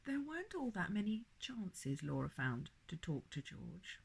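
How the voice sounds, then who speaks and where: A woman reading a bedtime story aloud with a lively, expressive manner. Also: mid-range voice, unhurried, gravelly, slightly rough, poor audio.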